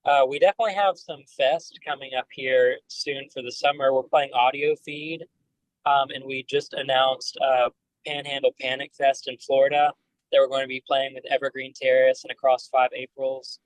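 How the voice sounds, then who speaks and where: A man, a band member guest on a podcast, telling animated stories full of fillers. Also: medium pitch, moderate pace, rough recording. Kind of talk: casual storytelling.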